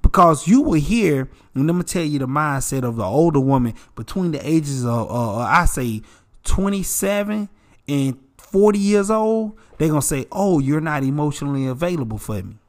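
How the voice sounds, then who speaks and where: Animated preachy man, slightly high voice. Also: moderate pace. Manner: animated, preachy, addresses listeners as bro and y'all. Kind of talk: casual advice talk.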